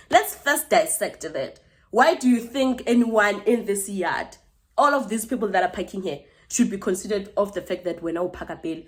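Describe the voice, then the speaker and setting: A young woman telling an indignant storytime vlog. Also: medium pitch. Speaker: vlogger.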